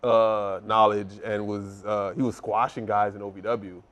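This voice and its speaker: A man's voice: on the low side, level tone, unhurried, a bit bright. A man in his thirties, a former wrestler and guest on an interview, talking in an easygoing, agreeable way and often restarting his sentences. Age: 30s. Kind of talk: casual interview.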